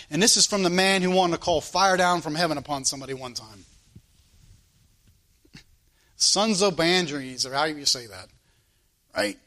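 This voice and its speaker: Preacher guy, high voice, fervent sermon, repeats lines over and over. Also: animated, normal speed, bright, forceful tone. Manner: fervent, repetitive preaching cadence. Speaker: pastor. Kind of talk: sermon and closing prayer.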